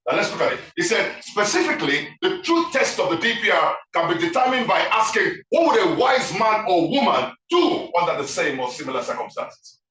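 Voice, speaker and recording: Male guest speaker, bright and lively, keeps quizzing the crowd, heard from afar in an echoey room. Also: high-pitched, distant mic. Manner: animated, keeps asking the audience questions. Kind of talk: interactive talk to a live audience.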